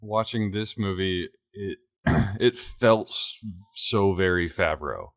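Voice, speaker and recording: A man's voice: low-pitched, slow pace, a bit bright, dry recording, clean studio sound. A man co-hosting a film podcast, chatting and joking, often restarting his sentences. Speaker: podcast co-host. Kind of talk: casual chat.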